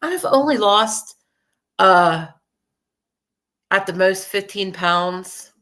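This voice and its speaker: A young adult woman rambles to her viewers in a loose, chatty way, swearing freely and laughing often. Her voice is bright and forceful, sitting at an ordinary pitch for a woman. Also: lively intonation, takes it slowly. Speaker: true crime podcast host. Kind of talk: casual chat to viewers.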